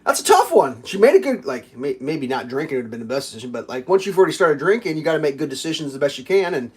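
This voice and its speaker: A man's voice: on the high side, sing-song, quick pace, slightly rough. A man hosting a livestream, rambling and swearing through a laughing story while he makes breakfast. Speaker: livestream host. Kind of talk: casual storytelling while cooking.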